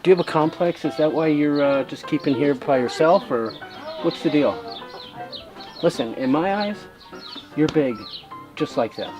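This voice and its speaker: A man playing a goofy male roving reporter who questions farm animals in a mock-serious, deadpan way. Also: fairly high pitch, normal speed, pauses often, music in the background, voice pushed down, close to an everyday voice. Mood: bantering. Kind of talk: comedic sketch narration.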